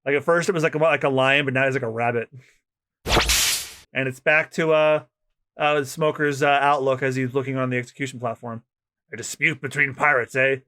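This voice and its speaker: A man's voice: mid-range voice, steady tone, fairly quick, a bit bright. A man co-hosting a podcast, chatting enthusiastically and reading a manga aloud. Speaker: podcast co-host.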